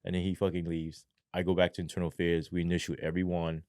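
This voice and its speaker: Ex-cop podcast guest: low, dry voice, swears constantly, spins an animated story with acted-out quotes. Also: male voice, quick pace, clear, resonant tone, no room sound. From New York. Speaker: podcast guest, former police sergeant. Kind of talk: casual storytelling interview.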